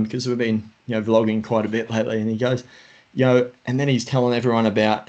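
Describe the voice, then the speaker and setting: A man's voice: mid-range voice, fairly even intonation, fast talker, a little mellow, highs cut off. A middle-aged man hosting a podcast, chatting casually and rambling with many fillers. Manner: rambling, lots of fillers like "you know". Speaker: podcast host. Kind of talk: casual conversation. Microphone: home podcast microphone.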